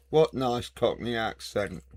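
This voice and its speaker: A gamer with a gravelly, mid-range voice chats casually while playing a video game, teasing and joking in banter sprinkled with mild swearing.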